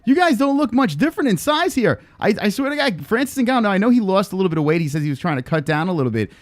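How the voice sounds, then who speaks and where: Male interview host, hyped and chatty, slightly high voice, dry sound. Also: fast talker, no echo. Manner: excitable, hyping the guest. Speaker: podcast host. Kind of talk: casual interview.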